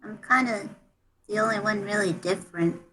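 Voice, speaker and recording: A woman voicing a shy young half-toon in a role-play, talking haltingly with many ums. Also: mid-range voice, sharp tone, slight background noise, close to an everyday voice, poor audio.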